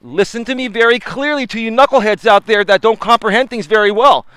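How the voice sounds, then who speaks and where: High-voiced man chatting on a walking livestream. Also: brisk, fairly bright tone, clean tone, no echo. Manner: chatty, laughs often, preachy asides to chat. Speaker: life coach. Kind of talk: live-streamed walking talk. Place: outdoors in a park. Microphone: camera on a selfie stick.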